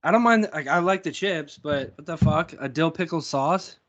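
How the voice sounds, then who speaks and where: A man's voice: on the high side, normal speed, lo-fi sound. A man co-hosting a casual chat show, laid-back, swearing a lot and laughing easily. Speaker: podcast co-host.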